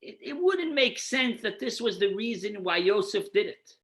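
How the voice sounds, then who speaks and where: A man's voice: high voice, lively intonation, normal speed, a bit bright. A man, a rabbi, teaching a Torah class, posing rhetorical questions and then answering them while guiding listeners through numbered source texts. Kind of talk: explanatory lecture.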